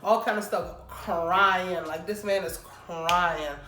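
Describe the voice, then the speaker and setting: A young woman vlogger telling a casual storytime, animated and chatty, talking straight to her viewers. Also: on the low side, slow. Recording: roomy room with faint background noise.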